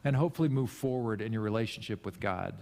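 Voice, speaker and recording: A man's voice: on the low side, fast talker, warm tone. Conversational male pastor in a reverberant hall. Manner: conversational and self-deprecating, with emphatic rises. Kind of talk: sermon. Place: church sanctuary.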